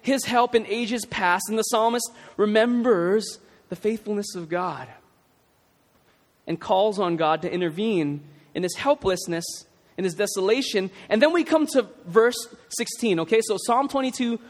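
A man's voice: high-pitched, moderate pace. A man preaching a sermon in a casual, conversational way, with emphatic questions to the congregation. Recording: long hall reverb.

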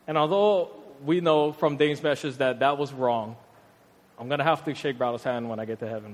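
A young man from Hawaii, preaching a casual, slang-filled sermon in a conversational, animated way. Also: mid-range voice, brisk. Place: church hall. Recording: long hall reverb.

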